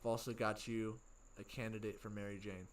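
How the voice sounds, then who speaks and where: A man's voice: on the low side, level tone, fairly quick. A man co-hosting a casual pop-culture chat, laid-back and swearing constantly. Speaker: co-host. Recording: voice from a distance off the mic.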